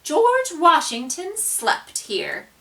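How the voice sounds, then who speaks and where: A woman's voice: high-pitched, huge pitch swings, extremely slow, creaky, a bit bright, distant mic, voice pushed up, full character voice. A woman playing a stately female president. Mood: proud. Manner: formal, proud announcement.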